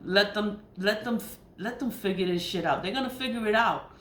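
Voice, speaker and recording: A woman in her thirties talks straight to camera in a blunt, profane casual monologue, hammering her points by saying them again and again. Her voice sits at a middling pitch. The room around her rings with echo, with a faint hiss underneath. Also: moderate pace, fairly bright tone. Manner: blunt, profane, repeats herself for emphasis. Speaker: spiritual vlogger. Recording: echoey room with faint noise.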